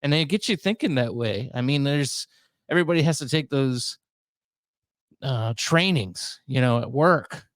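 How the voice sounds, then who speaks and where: A man's voice: mid-range voice, animated, unhurried, a bit bright, no room sound. Rambling, self-mocking man in his thirties. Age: 30s. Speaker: podcast host. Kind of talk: casual solo monologue.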